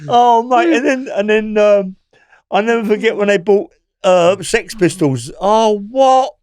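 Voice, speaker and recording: An older Englishman with a London accent and a high-sitting voice tells stories at a measured pace as a guest on a casual podcast interview. His tales ramble and are excitable, loaded with swearing and filler words.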